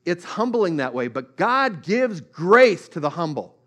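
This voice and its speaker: A man preaching a sermon, earnest, moving from soft storytelling to rising emphatic exhortation. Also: high voice, very animated, unhurried.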